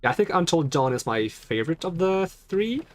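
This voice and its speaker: A man's voice: fairly high pitch, sing-song, normal speed. A young man chatting casually on a live stream while playing, rambling and answering questions from chat.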